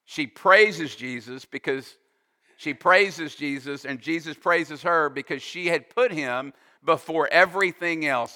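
A man preaching a sermon as a pastor, slow and emphatic, pausing to explain with asides. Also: medium pitch, bright, forceful tone. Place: church sanctuary. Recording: long reverb of a hall.

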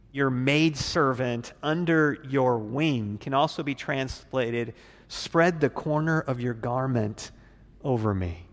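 Male pastor, unhurried casual Bible teaching, reverberant hall sound. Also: a little high. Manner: relaxed, casual, acts out the characters' lines.

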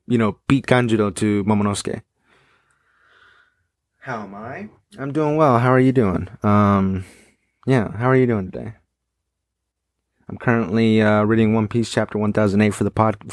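A young man hosts a podcast, reading through a comic and musing on it in a loose, rambling way full of fillers. His voice sits low. The recording is dry and close. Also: no room sound. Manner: rambling, with many fillers and crude asides. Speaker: podcast host. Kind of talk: casual reading and commentary of a comic.

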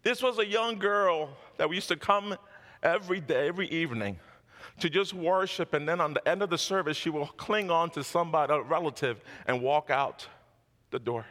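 A male pastor tells a testimony from the pulpit, fervent and full of repetitions and little laughs. His voice is high and bright, and it carries a long hall reverb. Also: moderate pace. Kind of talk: sermon testimony.

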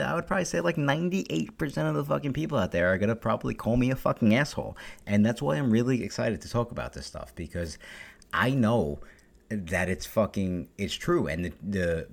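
Fairly low-pitched and creaky, this young man's voice carries a solo podcast monologue. He talks fast and bluntly in a casual way, swearing constantly as the host of his own show.

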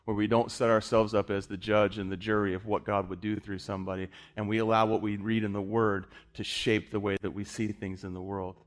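A man's voice: on the low side, flat delivery, fairly quick, few pauses. A man preaching an impassioned sermon, pressing his points with repeated phrases.

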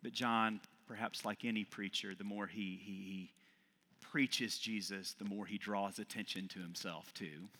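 A middle-aged man, an Episcopal priest, preaching a sermon with loud emphatic peaks that fall back to quiet reflection. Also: on the low side, steady tone, measured pace. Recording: long reverb of a large hall.

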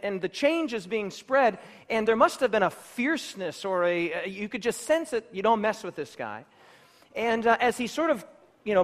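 High-voiced emphatic preacher in a reverberant hall. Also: male voice, a bit bright. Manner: emphatic, rhetorical, builds through repeated phrases. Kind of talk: sermon.

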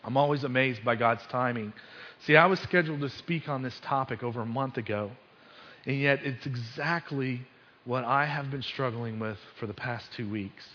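A man's voice: medium pitch, normal speed, bright, forceful tone. Man preaching in a reverberant hall. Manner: storytelling, with sports asides and frequent restarts. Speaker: pastor. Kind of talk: conversational sermon. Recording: dull sound with long hall reverb.

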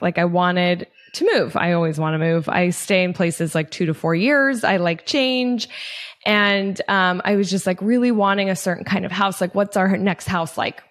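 Woman in her 30s hosting a podcast, super chatty, lots of likes and ums, mid pitch. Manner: chatty, heavy on fillers like "like" and "um"; animated when quoting herself. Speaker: podcast host. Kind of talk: casual chat, personal storytelling.

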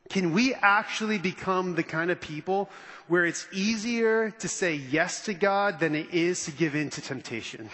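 A man preaching a sermon as pastor, animated and conversational, acting out the quotes he reads. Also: high-pitched, big-room sound.

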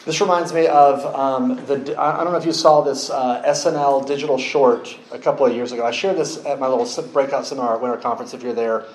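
A man preaching a sermon, telling a story with lively acted-out quotes. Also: medium pitch, fast, hardly any pauses, reverberant, slight background noise, poor audio. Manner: animated storytelling, acts out quoted voices.

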